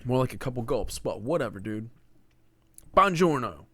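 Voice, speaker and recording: A man's voice: mid-range voice, quick pace, darkish tone, breathy edge, no room sound. Young man, podcast host, rambling solo chat, self-mocking jokes, dry close sound. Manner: rambling, joking, self-mocking, says dude a lot. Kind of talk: casual solo monologue.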